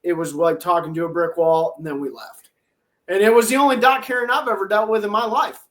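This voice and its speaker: Casting: male angler guest with a high voice, a wry and animated storyteller. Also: brisk. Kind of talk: casual podcast storytelling.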